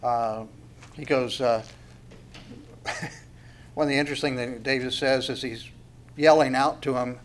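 A man's voice: medium pitch, fairly even intonation, a little slow, long pauses. A male pastor preaching a sermon in a conversational way, repeating words and adding chuckling asides.

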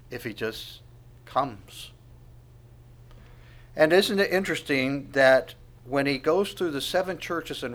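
A pastor with a mid-range voice preaches a sermon, putting questions to the congregation and moving between quiet asides and loud proclamations.

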